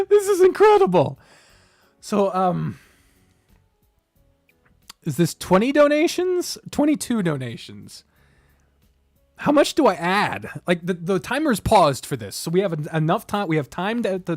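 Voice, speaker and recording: A woman's voice: on the low side, sing-song, moderate pace, no echo, studio quality, soft background music. A woman streamer and game master in casual livestream chat, giddy and laughing often, swearing and stumbling as she works through math aloud.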